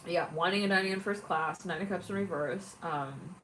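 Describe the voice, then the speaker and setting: A woman's voice: on the low side, moderate pace, a bit bright, slight background noise, low-quality recording. Chatty woman giving a tarot reading. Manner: chatty, rambling, laughs often, many fillers. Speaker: tarot reader. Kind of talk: casual intuitive tarot reading.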